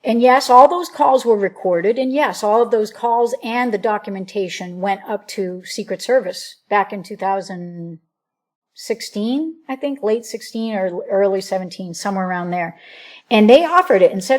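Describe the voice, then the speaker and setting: A woman's voice: medium pitch, lively intonation, normal speed, darkish tone. A woman telling her story as an interview guest in casual, earnest, rambling speech, often breaking into quoted dialogue. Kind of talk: casual spoken testimony.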